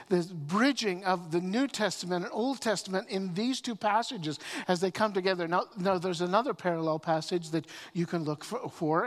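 A man preaching a sermon as pastor, often repeating words as he starts phrases and swinging between loud emphasis and quiet. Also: sits high. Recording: long reverb of a hall.

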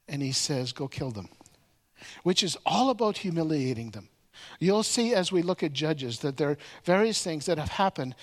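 A man preaching a sermon, telling a story with lively acted-out quotes and frequent repeated words as he restarts. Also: on the high side. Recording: echoey hall with long reverb.

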